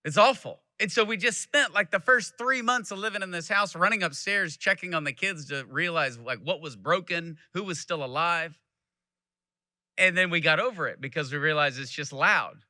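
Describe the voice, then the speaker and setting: Bright-voiced man giving a keynote. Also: a little high, no echo. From Texas. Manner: storytelling with acted-out quotes. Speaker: keynote speaker. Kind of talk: speech to a live audience.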